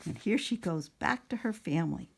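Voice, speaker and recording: A woman narrating a picture book at storytime, speaking softly and often slipping into a whisper, asking the listener questions. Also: on the low side, lively intonation, normal speed, vocal fry, a little hiss or hum. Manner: soft, often sliding into a whisper.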